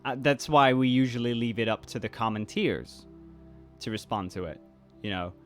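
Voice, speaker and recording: Medium in pitch and moderate in pace, a man's voice plays over soft background music. In his twenties, this YouTuber and voice actor with a blended British-American accent chats casually in reaction to comments, reading them aloud, rambling and frequently restarting sentences.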